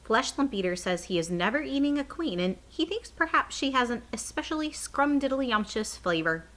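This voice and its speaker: A woman voicing a gentle, stubborn old male giant in a read-aloud children's story, speaking with folksy, jumbled grammar. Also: high-pitched, animated, normal speed, voice pushed up.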